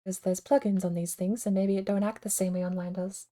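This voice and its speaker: A woman's voice: mid-range voice, flat delivery, fairly quick, mellow. A woman streaming a game, talking casually and thinking aloud in a rambling, self-deprecating way. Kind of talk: casual livestream commentary.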